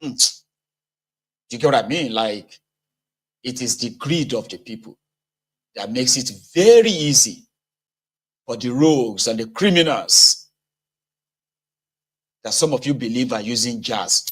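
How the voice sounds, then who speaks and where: A man's voice: medium pitch, lively intonation, unhurried, pauses often, low-quality recording. A man with a Nigerian accent giving casual political commentary, talking conversationally and asking rhetorical questions.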